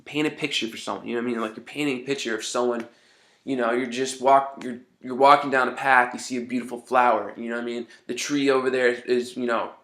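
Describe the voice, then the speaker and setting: Male songwriter, loose rambling delivery, medium pitch, informal tips. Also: steady tone, fast, fairly bright tone. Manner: rambling, keeps saying "you know what I mean". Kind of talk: casual spoken advice.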